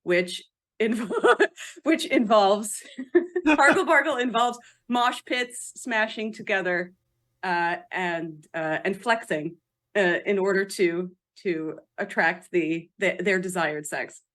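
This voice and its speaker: A woman author chatting as a podcast guest, animated and quick to laugh, emphatic about how words are pronounced. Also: mid-range voice. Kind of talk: casual podcast interview.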